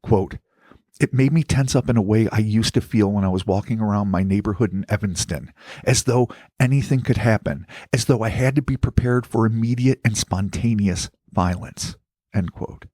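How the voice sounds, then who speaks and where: A man hosting a podcast, reading out a story in a measured, dramatic narration. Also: fairly low pitch, mellow, no echo, studio quality. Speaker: podcast host.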